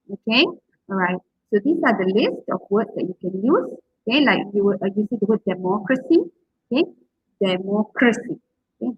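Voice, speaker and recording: A woman's voice: mid-range voice, husky, no room sound, dull audio. A woman giving a university lecture on public speaking, often checking in with "okay?" and drawing out words to model their stress.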